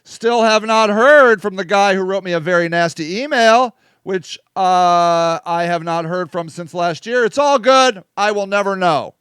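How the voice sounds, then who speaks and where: A man's voice: high voice, unhurried, hardly any pauses, a bit bright, clean tone, no echo, clean studio sound. A man hosting a casual live-stream monologue, blunt and swearing, often asking "okay?". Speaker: host.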